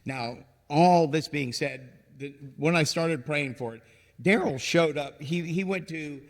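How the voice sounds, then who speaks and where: A man who founded a ministry, guesting on a podcast and telling rambling, animated stories, often acting out what people said. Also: on the high side, unhurried. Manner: rambling, animated storyteller who acts out quotes. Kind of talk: casual storytelling interview. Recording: long reverb, hall-like room.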